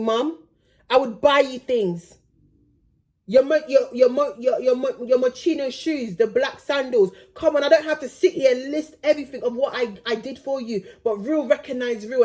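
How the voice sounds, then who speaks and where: A woman's voice: fairly high pitch, warm tone. Indignant, blunt woman vlogging. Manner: blunt, indignant, passionate, swears freely. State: pregnant. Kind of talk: heated direct-to-camera vlog.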